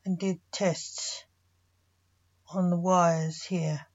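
A brooding male Grim Reaper speaking dark, deliberate words, as a woman storyteller reads him. Slow and mellow in tone, heard on a dull, lo-fi recording. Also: on the low side, flat delivery.

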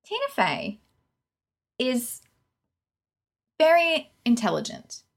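A woman in casual podcast chat, with a voice that swings up and down a lot. She gives blunt, animated opinions on a film and talks with open frustration. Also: on the high side, slow, vocal fry. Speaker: podcast co-host.

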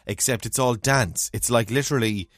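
A man's voice: mid-range voice, normal speed, no echo. Man telling stories, dry sound. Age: 30s. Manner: lively storyteller, laughs often, acts out his texts. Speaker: podcast co-host. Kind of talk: casual chat.

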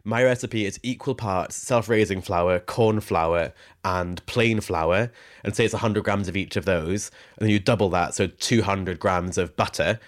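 A man's voice: low-pitched, a little slow. A young man co-hosting a casual podcast, reading out listener questions and laughing often. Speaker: podcast co-host. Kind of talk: casual chat.

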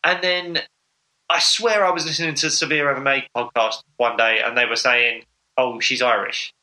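Casting: male podcast co-host, very bright tone, eager rambling fan chat. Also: mid-range voice, steady tone, a little fast, poor audio. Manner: enthusiastic, rambling with fillers. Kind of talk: casual sports chat.

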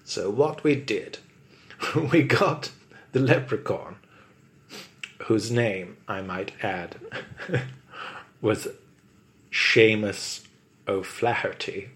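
A man's voice: on the low side, slow. A man improvising a comic story in a mock-pompous, wordy narrating voice.

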